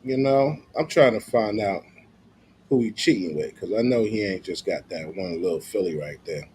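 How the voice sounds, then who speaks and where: A man's voice: on the low side, animated, normal speed, a little mellow, a little hiss or hum. A man streaming casual, profane commentary, slangy and loose with lots of filler.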